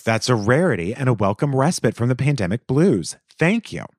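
A man hosting an advice podcast, reading a listener's letter aloud with animated, expressive delivery and the odd aside. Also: medium pitch, a little fast, no echo, clean studio sound.

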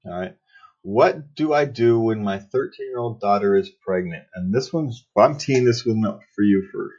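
An older man hosting a podcast, chatting casually and rambling a bit, with a husky voice. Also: fairly low pitch, moderate pace, darkish tone, highs cut off. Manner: rambling, chuckles often. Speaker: podcast host.

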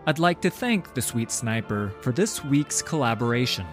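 A man's voice: medium pitch, very animated, normal speed, soft background music. A man giving a friendly channel sign-off and credits in an upbeat way. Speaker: channel host. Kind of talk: outro announcement.

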